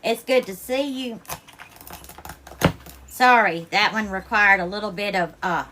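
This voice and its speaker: A woman's voice: medium pitch, unhurried, bright, forceful tone, slight background noise. A woman hosting a casual live stream from her home kitchen, teary-eyed and effusive as she thanks each viewer by name and calls them darling while she cooks. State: teary, near crying. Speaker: livestream host.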